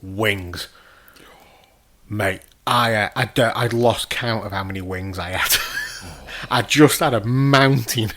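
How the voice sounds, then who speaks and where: A man's voice: fairly low pitch, unhurried, fairly bright tone. A man, telling rambling, sweary anecdotes on a casual podcast. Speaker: podcast co-host. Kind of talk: casual chat.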